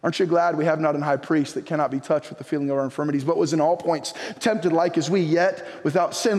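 A man preaching a sermon as pastor, reading old-style scripture and then pleading directly with his congregation. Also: sits high. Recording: long hall reverb.

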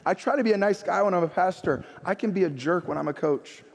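A man preaching a sermon as pastor, impassioned and rising into emphatic, high-pitched exhortation. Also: quick pace, gravelly. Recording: reverberant hall.

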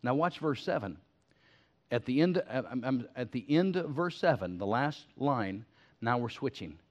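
Older pastor preaching, folksy and fired up, lots of stammery restarts, kinda muffled. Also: male voice, medium pitch, expressive, normal speed. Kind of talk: sermon. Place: church. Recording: slightly muffled sermon recording.

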